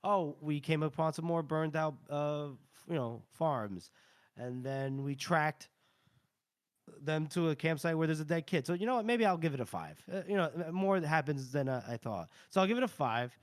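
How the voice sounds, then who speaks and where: A man's voice: fairly high pitch, normal speed, no room sound, clean studio sound. Rambling, upbeat male podcast host. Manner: rambling, animated, many fillers and restarts. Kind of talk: casual chat.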